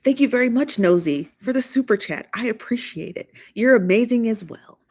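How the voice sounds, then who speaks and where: A woman's voice: a little high, animated, moderate pace, a little mellow, breathy edge. Chatty woman hosting a livestream. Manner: chatty, laughing, teasing the chat. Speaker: live show host. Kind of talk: casual livestream chat.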